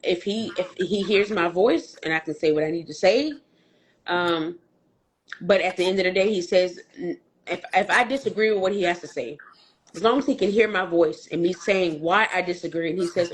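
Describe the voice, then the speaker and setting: A woman's voice: fairly low pitch, normal speed, slight background noise. A woman on a casual podcast panel, stating her views firmly and bluntly, repeating her points. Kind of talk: casual debate chat.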